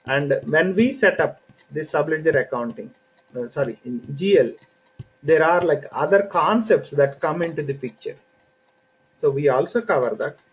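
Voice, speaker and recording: A man teaching an online software training class, explaining concepts step by step in an unhurried way with frequent fillers. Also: on the high side, animated, slightly rough. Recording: dull lo-fi audio with faint hiss.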